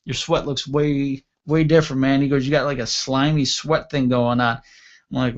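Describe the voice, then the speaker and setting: A man's voice: mid-range voice, moderate pace. A man in his thirties hosting a radio show, telling a crude story in casual chat and acting out the other voices. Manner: animated, acts out voices, crude humor. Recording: dull lo-fi radio show audio.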